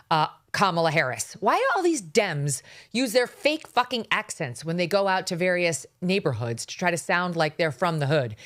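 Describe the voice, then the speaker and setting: A woman's voice: on the low side, sing-song, normal speed, fairly bright tone. A woman hosting a political commentary podcast, talking in a sarcastic, indignant, mocking way. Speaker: host.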